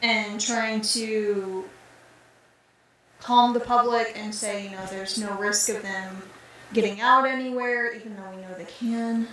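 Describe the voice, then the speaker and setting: Emphatic woman, bright, echoey and distant. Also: fairly high pitch, fairly even intonation, measured pace, slight background noise. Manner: opinionated, emphatic. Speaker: podcast co-host. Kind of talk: casual movie-review chat. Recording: echoey room, far from mic.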